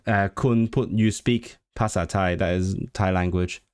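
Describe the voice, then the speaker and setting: A man's voice: sits low, steady tone, measured pace, a little mellow, smooth. Stammering man sounding out words. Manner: stumbling, repeats words, sounds out foreign words. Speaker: livestream host. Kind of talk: casual livestream chat.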